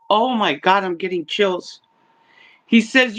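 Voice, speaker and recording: An older woman giving a psychic reading, talking in halting stops and restarts. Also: mid-range voice, a bit bright, low-quality recording. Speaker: psychic medium.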